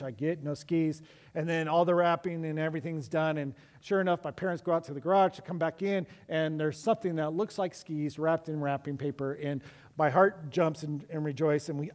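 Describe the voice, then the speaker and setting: A man's voice: a little high, a little mellow. A middle-aged man preaching a sermon as pastor, telling stories in a conversational way with frequent restarts. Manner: conversational storytelling with many restarts. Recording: long echo of a large hall.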